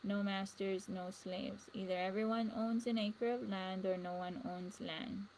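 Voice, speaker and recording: A woman's voice: medium pitch, steady tone, unhurried, darkish tone, slight background noise, poor audio. A woman giving a rambling spiritual monologue, repeating words and trailing off into asides. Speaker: spiritual vlogger.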